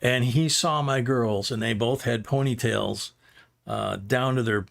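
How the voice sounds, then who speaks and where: A man's voice: medium pitch, unhurried, vocal fry, a bit bright. A middle-aged man hosting a livestream, rambling through a casual anecdote with chuckles. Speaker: livestream host.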